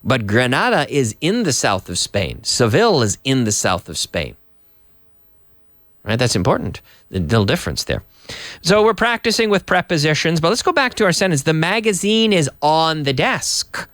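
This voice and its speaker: A man teaching an English lesson on TV, explaining slowly, repeating example sentences and switching into Spanish. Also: fairly high pitch, very animated, a bit bright, dry recording, clean studio sound. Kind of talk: classroom lesson on TV. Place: TV studio.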